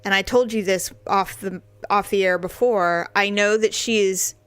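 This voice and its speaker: A middle-aged woman co-hosting a podcast, chatting casually and acting out quoted voices in an animated way. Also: mid-range voice, moderate pace, clean tone, no echo. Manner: animated storyteller, acts out quoted voices with big jumps. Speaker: podcast co-host. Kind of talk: casual chat.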